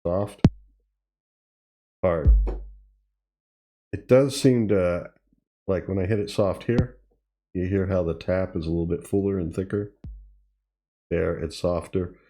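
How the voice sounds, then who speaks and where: A man with a deep, very dark and mellow voice hosts a casual tutorial. He thinks aloud as he goes, pausing and correcting himself. Faint drum machine hits play under his talk. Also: steady tone, soft background music. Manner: thinking aloud, halting, with fillers and self-corrections. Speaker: tutorial host. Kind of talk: casual demo while playing. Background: drum machine sounds he is playing.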